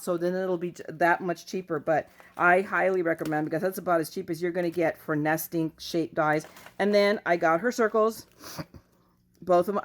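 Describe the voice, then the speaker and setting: A woman chatting casually at home in a craft haul video, goofy and self-mocking as she shows her finds. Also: lowish voice. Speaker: craft vlogger.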